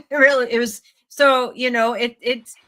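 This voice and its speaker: Chatty hoarse woman hosting an interview. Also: fairly high pitch, steady tone, slow pace, pushed and bright. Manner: chatty and giggly. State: hoarse, recovering from a cold. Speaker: podcast host. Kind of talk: casual interview chat.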